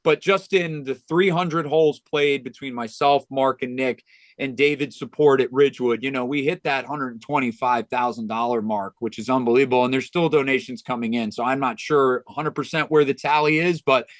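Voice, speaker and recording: A man's voice: mid-range voice, fairly even intonation, moderate pace, dry recording. A man, a golf instructor, speaking as a podcast guest and telling a heartfelt story in an earnest, conversational way, often restarting sentences. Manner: earnest, with frequent restarts and "you know".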